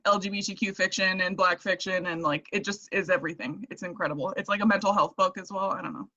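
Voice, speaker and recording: A woman, an English teacher guest, chatting casually and thoughtfully on a podcast, pausing with fillers. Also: medium pitch, steady tone, sharp tone. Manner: thoughtful, hesitant, many "um" and "like". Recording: dull lo-fi audio.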